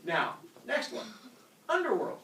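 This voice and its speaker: This lively teacher jokes and does voices while explaining a lesson, his voice sitting high and his pace a little slow with vocal fry. Recorded from far off in a roomy classroom, the clip has slight background noise.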